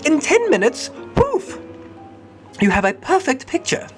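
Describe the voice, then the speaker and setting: A man voicing an excitable young noblewoman cat in a high, squeaky voice for a game. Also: unhurried, over music, full character voice. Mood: gushing.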